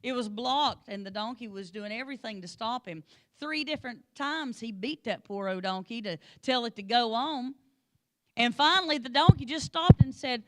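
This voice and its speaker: A woman teaching a Bible lesson, telling the story with lively energy and calling on class members by name. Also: a little high, moderate pace. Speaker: Sunday school teacher.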